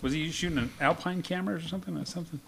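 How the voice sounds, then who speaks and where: A man's voice: fairly high pitch, rapid-fire, creaky, slight background noise. A male podcast co-host in casual chat, opinionated and explaining his views.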